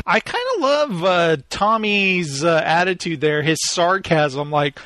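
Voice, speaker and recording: A man's voice: high-pitched, slow pace, background noise. A man hosting a podcast, chatting casually and enthusiastically about a TV episode. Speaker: podcast host.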